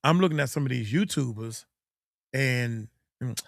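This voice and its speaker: A middle-aged man talks in a loose, rambling way, like a coach chatting on a livestream. His pitch sits in an everyday middle range. The sound is dry and close, with no room echo. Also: moderate pace, vocal fry. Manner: loose, rambling, acts out quotes in mocking voices. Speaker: host and coach. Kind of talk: casual livestream chat.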